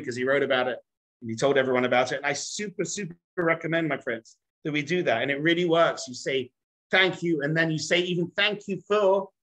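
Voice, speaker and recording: A man's voice: fairly high pitch, low-quality recording. A man, a rabbi, giving a storytelling lecture to a group, acting out the quotes in his stories and asking his listeners questions. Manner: animated storyteller, acts out quotes in dialogue; addresses listeners directly, asks the room questions.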